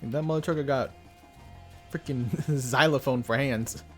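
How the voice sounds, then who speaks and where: A man's voice: medium pitch, normal speed, a bit bright. Young guy streamer: slangy, jokey, laughs a lot, faint music underneath. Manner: joking, laughs often, slangy. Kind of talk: casual gaming commentary.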